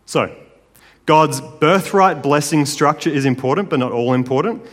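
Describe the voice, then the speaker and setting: A man's voice: fairly high pitch, normal speed, a bit bright. A man preaching a sermon in a casual, conversational way, often checking in with his listeners. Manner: casual, conversational, with tag questions. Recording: long hall reverb.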